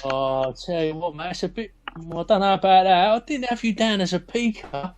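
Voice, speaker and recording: A man playing a burly, streetwise geezer, leaning in and calling everyone mate. He talks in a fairly high, lively voice that swoops up when he gets excited. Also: a little fast, noisy background, close to an everyday voice. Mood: chummy. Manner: chummy, conspiratorial, keeps saying mate. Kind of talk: in-character tabletop role-play.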